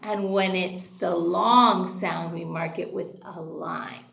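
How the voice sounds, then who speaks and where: A woman's voice: fairly low pitch, steady tone, slow pace, vocal fry, few pauses, a bit bright, roomy sound. A woman teaching a kindergarten class, talking in a sing-song way with exaggerated enunciation, prompting and praising the children. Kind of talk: online class for young children.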